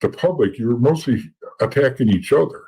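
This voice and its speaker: A man's voice: mid-range voice, animated, fairly quick, creaky, dark tone, slightly rough, rough recording. A middle-aged man telling stories from his past as a podcast guest, blunt and profane, often repeating words as he talks. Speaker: podcast guest, former informant. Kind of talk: casual storytelling.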